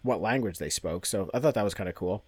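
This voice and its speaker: A man's voice: fairly low pitch, fast talker, slightly rough, dry recording, clean studio sound. A man co-hosting a podcast, casually recapping a comic with lots of laughter and filler words. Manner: laughs often, rambling with fillers. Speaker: podcast co-host.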